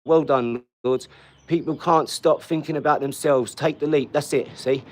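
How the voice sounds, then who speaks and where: A man's voice: fairly high pitch, fairly even intonation, moderate pace, a little mellow. A man, chatting bluntly on a livestream and answering viewers' comments, swearing and often laughing as he talks. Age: 40s. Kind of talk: casual livestream chat.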